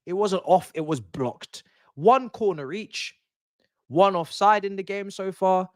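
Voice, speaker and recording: A man's voice: sits high, measured pace. A young man hosting a football watchalong, ranting in exasperation in casual stream chat. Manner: exasperated, animated ranting with laughs. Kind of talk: casual live-stream rant.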